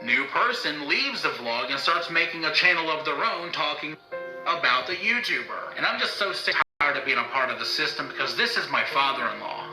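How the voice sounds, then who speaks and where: A man's voice: fairly high pitch, animated, a little fast. Angry swearing man vlogging in an echoey room. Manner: bitter, swearing, heated outbursts. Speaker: YouTuber. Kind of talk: angry vlog rant. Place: indoors, talking to own camera. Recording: roomy echo, faint music.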